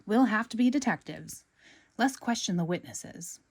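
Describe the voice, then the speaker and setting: A woman voicing a cheerful, eager young sea sponge fry cook in a storybook read-aloud, excitable and earnest. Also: mid-range voice, normal speed, voice pushed up.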